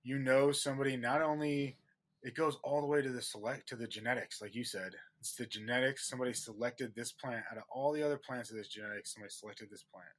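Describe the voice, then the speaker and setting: A man's voice: mid-range voice, steady tone, quick pace. A man co-hosting a casual podcast, talking earnestly and rambling with lots of "like" and "you know.". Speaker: podcast co-host. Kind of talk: casual stoner chat.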